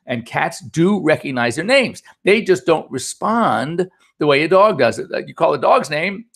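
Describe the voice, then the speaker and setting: A man's voice: a little high, very animated, unhurried. A middle-aged man hosting a pet radio show as a veterinarian, talking in a chatty, anecdotal, upbeat way. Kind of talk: casual chat.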